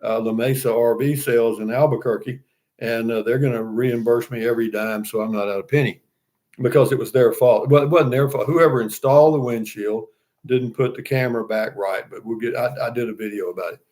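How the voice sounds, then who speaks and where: A man's voice: mid-range voice, steady tone, a little fast, a little mellow. Folksy older man chatting on livestream. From Texas. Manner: folksy, rambling, many fillers and restarts. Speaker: livestream host. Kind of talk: casual chat reading viewer comments.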